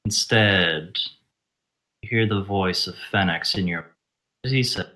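A man running a tabletop game as game master over online voice chat, narrating in a measured way. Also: deep voice, sharp tone, poor audio.

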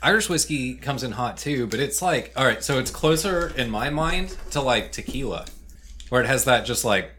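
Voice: mid-range voice, lively intonation, moderate pace, a bit bright, a little hiss or hum. A laid-back speaker in a casual chat who laughs easily.

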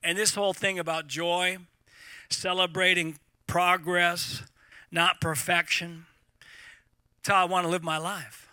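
A middle-aged man preaching to a live congregation, animated and repeating words as he talks. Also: high voice, a little slow, pauses often, clear, resonant tone, no room sound. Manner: animated, repeats words, laughs at own points. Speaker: pastor.

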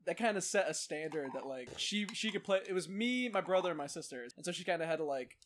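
A man's voice: fairly high pitch, animated, quick pace, fairly bright tone, slight background noise. A young man in casual chat, telling blunt, profane stories.

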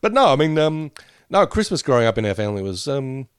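A man's voice: medium pitch, sing-song, fast, smooth, dry recording, studio quality. A man co-hosting a podcast, meandering through memories with frequent laughs. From Australia. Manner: meandering, reminiscing, laughs often. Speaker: podcast co-host. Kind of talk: casual chat.

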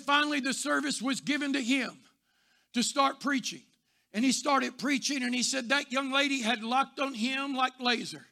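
Guy preaching, bright sharp voice, tells stories, gets loud then soft. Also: very high voice, vocal fry. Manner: builds to shouting, then drops soft. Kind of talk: sermon with storytelling.

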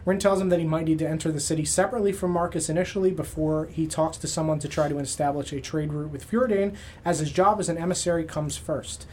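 A man's voice: on the high side, darkish tone, slight background noise. A man acting as game master, recapping the last session casually with many filler sounds.

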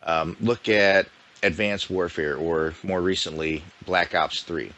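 Bright-voiced low man joking. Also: steady tone, slow. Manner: joking, swears casually. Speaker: podcast co-host. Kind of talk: casual gaming podcast chat.

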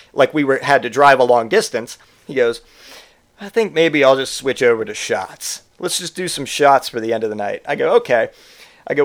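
A young man with a somewhat raised voice tells a comic story in a loose, casual way. He swears freely and slips into the voices of the people he quotes as he goes. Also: on the high side.

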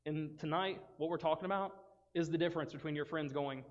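A man gives a casual, animated youth sermon, acting out the voices of friends and Bible characters. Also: fairly high pitch, fairly quick. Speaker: youth pastor. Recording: dull sound with long reverb in a hall.

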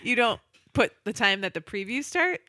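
A woman's voice: on the high side, very animated, normal speed, pushed and bright, no echo, studio quality. A woman voicing a blunt, proud female military veteran who speaks in an indignant, sarcastic way during a retold story. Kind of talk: casual storytelling.

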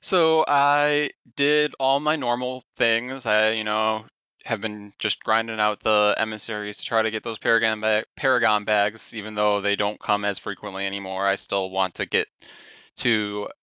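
Brief: crisp, bright male podcaster, dry and slightly dull mic, easygoing recap. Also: on the low side, normal speed, dry recording. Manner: relaxed, rambling, filler-heavy recap. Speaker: podcast co-host. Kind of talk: casual gaming podcast chat.

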